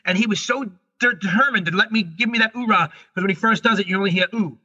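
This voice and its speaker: A middle-aged man, a guest on an interview show, telling a story in a rushed, animated way and often restarting his sentences. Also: high voice, husky. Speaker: guest, comedian and paranormal investigator. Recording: dull lo-fi recording.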